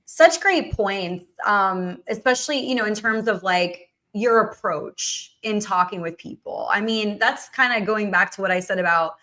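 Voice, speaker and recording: A woman's voice: mid-range voice, normal speed, few pauses, bright, forceful tone. A woman hosting a casual political chat, talking loosely with many fillers and restarts. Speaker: host.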